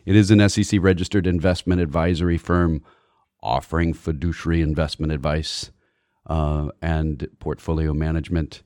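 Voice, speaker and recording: A man's voice: a bass voice, fairly even intonation, normal speed, darkish tone, dry recording, clean studio sound. A young man co-hosting a finance radio show, joking and rambling with lots of ums. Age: young adult. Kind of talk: comedic finance radio chat.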